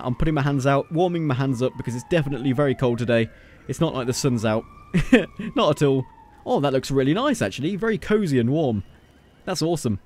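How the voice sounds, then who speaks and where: A man's voice: on the high side, darkish tone. A man giving casual gameplay commentary as a video creator, playful and jokey, teasing the character on screen.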